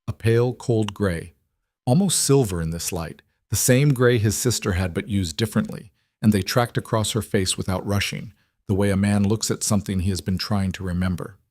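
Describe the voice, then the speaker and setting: A man narrating a scripted crime story in a steady, measured way. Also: on the low side, dry recording.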